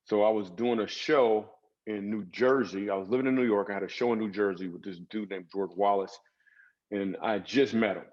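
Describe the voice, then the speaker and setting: Comedian guest, male, low voice, lo-fi dull sound; loose, comic storytelling. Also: fairly even intonation, normal speed, darkish tone. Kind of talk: storytelling interview talk.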